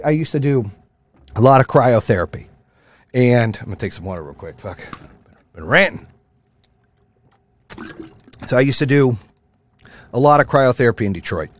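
A man in his thirties or forties hosting a podcast, ranting with lots of profanity in a fired-up motivational way, then dropping to a low, quieter voice for stories. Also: dry recording. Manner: swings from loud rants to low, quieter storytelling. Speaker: podcast host. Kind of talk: casual monologue.

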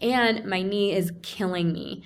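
A woman's voice: mid-range voice, measured pace. Woman co-host, chatty storyteller, acts out quoted voices. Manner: animated, acts out quoted voices, frequent "like" fillers. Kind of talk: casual storytelling conversation.

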